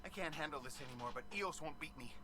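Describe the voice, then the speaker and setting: An actor playing an anxious young male colonist scientist, fretful and rushed, heard as distant game audio. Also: on the high side, noisy background, natural voice.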